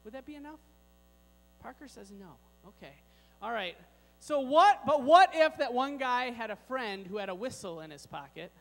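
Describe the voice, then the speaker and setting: A man's voice: very high-pitched, expressive, moderate pace, a bit bright. A man giving a playful children's sermon in a large church, joking with the kids and the congregation. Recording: long church hall reverb, mains hum.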